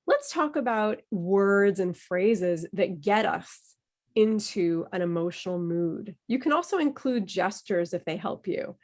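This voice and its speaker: A woman's voice: medium pitch, expressive, measured pace, a little mellow. A woman leading an online voice workshop over a video call, playful and encouraging. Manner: playful, encouraging, demonstrates emotions with her voice. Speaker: workshop leader.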